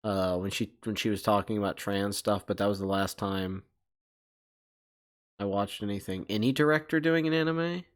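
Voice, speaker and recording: Rambling, foul-mouthed livestream host. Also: male voice, fairly low pitch, normal speed. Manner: rambling, profane mock accusations. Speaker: channel host. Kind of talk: casual livestream chat answering chat.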